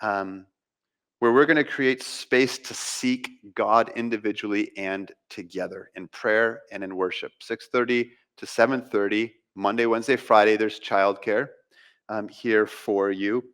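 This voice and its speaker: A man's voice: steady tone, fairly bright tone, clean tone. A pastor preaching a sermon from the pulpit, impassioned, with dramatic rises and drops in his voice. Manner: impassioned preaching with dramatic pitch swings and pauses. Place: church sanctuary.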